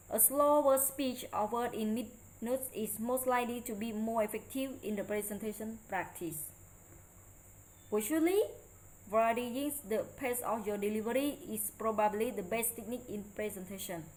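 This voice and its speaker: A woman's voice: a little high, darkish tone, rough recording. Woman reading a presentation aloud carefully. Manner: careful, halting read-aloud delivery with non-native grammar. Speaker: student presenter. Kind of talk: read presentation lecture.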